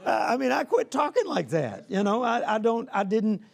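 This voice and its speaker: Male preacher, high gravelly voice, folksy conversational sermon with frequent calls for "Amen?". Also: big pitch swings, moderate pace, darkish tone. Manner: conversational, folksy, peppered with "you know".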